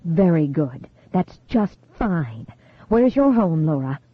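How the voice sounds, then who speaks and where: A woman voicing a calm adult female therapist who hypnotizes a girl, talking in a soft, coaxing, steady way. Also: low voice, slow, slightly rough, dry recording, phone-quality sound, voice pushed down, heavily acted. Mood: gentle. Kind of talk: audiobook character reading.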